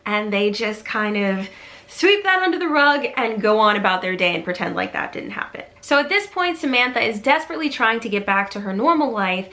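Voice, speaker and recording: Brief: woman, storytime host, fairly high voice, bright and forceful tone, lively delivery that dips into quoted voices. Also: brisk. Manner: animated, acts out quotes with shifting pitch. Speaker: YouTuber retelling a movie. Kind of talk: casual storytime recap.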